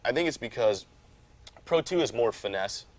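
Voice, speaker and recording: A man talking casually as a guest about racing, easygoing and rambling, getting animated when he retells a story. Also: mid-range voice, moderate pace. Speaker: off-road truck racer, guest. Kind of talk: casual chat.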